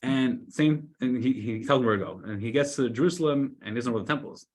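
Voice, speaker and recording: A man, a rabbi, telling a story in a weekly Torah class, loudly acting out the scolding characters. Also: medium pitch, fast talker. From United States. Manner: animated storyteller, shouts the lines of scolding characters.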